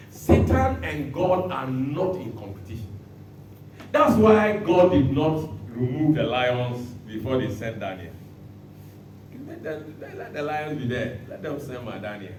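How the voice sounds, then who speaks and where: A man preaching a sermon as pastor, bursting into shouts and acting out the words he quotes. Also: mid-range voice, a little hiss or hum. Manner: animated preaching with sudden shouts and dramatic quotes. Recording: echoey hall from far off.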